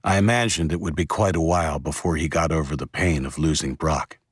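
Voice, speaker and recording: Male audiobook narrator, low husky voice, steady delivery, dry close sound. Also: brisk, no room sound. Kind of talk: first-person audiobook narration.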